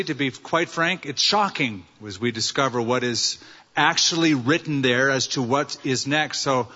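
A man's voice: medium pitch, bright, forceful tone. A male pastor preaching a sermon, earnest and story-telling, using rhetorical questions. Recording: dull sound with long hall reverb.

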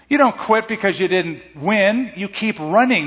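A man's voice: fairly high pitch, expressive, normal speed. A man preaching a sermon as pastor, emphatic and rising to strong peaks of emphasis. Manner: emphatic preaching with dramatic swings in loudness. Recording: echoey hall, dull muffled sound.

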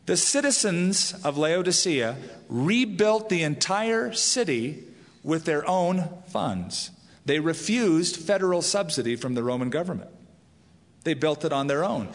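Brief: male preacher, slightly high voice, teaching sermon, long hall reverb. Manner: explanatory, storytelling. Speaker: pastor.

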